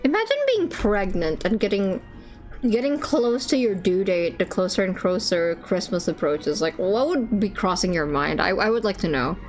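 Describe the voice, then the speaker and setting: A woman's voice: mid-range voice, lively intonation, normal speed, faint music behind. A woman streamer chatting casually with her viewers, giggly and swearing freely. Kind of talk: casual livestream chat.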